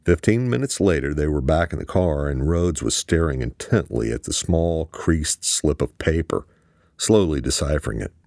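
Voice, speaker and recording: Very deep, gravelly male narrator. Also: animated, normal speed, a little mellow, dry recording, studio quality. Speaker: audiobook narrator. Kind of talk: scripted narration.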